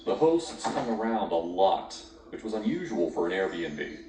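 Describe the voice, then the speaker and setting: A man's voice: low voice, sing-song, unhurried, hardly any pauses, background noise. A man narrating a scripted horror story, dramatic and lingering on grim details. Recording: echoey, distant, with music behind.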